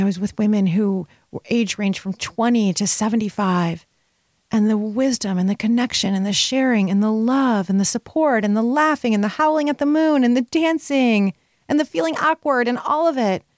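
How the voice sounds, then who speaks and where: Forties woman coach telling her story, mid pitch, swoops way up when acting out her nerves, dry close mic. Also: no echo. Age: 40s. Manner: animated, big pitch leaps when voicing her own worries. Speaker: retreat leader and women's coach. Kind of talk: personal storytelling monologue.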